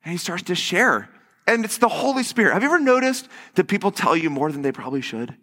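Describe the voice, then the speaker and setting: This man's voice sits high and moves fast as he preaches from the pulpit of a church sanctuary, where a long reverb tail lingers. As pastor, he spins animated stories and performs each quote aloud.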